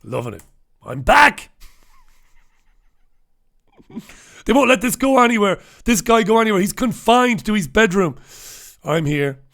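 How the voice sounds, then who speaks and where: A man's voice: sits high, sing-song, moderate pace, a bit bright. Irreverent man reading the papers. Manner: irreverent, swearing, chuckling asides. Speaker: host reviewing newspapers. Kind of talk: casual humorous commentary.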